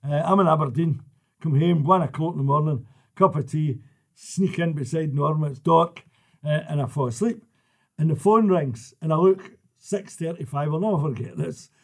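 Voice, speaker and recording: An older Scottish man with a husky, slightly raised voice. He tells anecdotes as a guest on a chat show, laughing his way through each punchline in a broad accent. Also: on the high side, moderate pace. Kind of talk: casual anecdotes.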